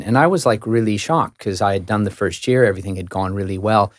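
Middle-aged American man, lowish dry voice, chatty self-mocking guest storyteller. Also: quick pace, dry recording. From United States. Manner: lively, self-mocking, stammering restarts. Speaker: interview guest. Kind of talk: casual storytelling in a radio interview.

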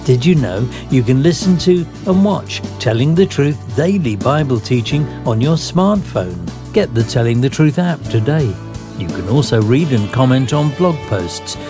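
A male announcer gives a smooth, friendly scripted read for a radio program. His mid-pitched voice sits over a clear bed of guitar music.

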